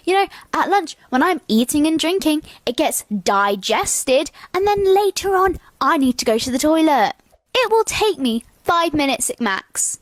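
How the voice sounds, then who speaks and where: A woman's voice: sits high, big pitch swings, measured pace, dry recording. A woman complaining about school in an indignant, sarcastic rant. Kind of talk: comedic storytime rant.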